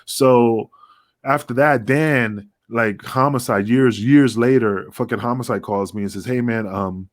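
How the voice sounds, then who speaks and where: A middle-aged man on a podcast, recounting a story in a loose, profane, animated way and jumping into the voices of the people in it. His voice sits mid-range and sounds close and dry, with no room behind it. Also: medium pitch, measured pace, dry recording. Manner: profane, animated, acts out dialogue. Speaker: podcast guest. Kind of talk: casual storytelling.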